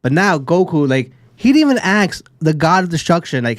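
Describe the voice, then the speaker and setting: A man's voice: on the high side, sing-song, moderate pace, hardly any pauses, dry recording. Man in a dry-sounding casual rant. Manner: loose, exasperated, profane ranting. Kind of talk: casual anime discussion.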